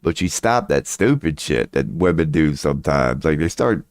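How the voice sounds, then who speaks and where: Deep-voiced swaggering man, dry sound. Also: expressive, moderate pace, no room sound. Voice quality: crude, swaggering, profanity-laced talk. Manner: laughs often mid-sentence. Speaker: channel host. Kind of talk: casual rambling monologue.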